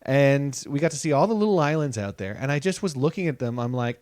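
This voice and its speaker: Man, podcast co-host, very expressive pitch, dry close mic, animated storyteller. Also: quick pace, dry recording. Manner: animated storyteller, acts out reactions. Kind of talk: casual chat.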